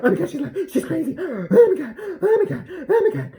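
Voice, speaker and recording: A woman's voice: extremely high pitch, very animated, a little fast, a crowd in the background, pitched above the performer's own voice. A woman doing a mocking impression of a frantic young man panicking in disbelief, shrieking repeated exclamations. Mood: panicked.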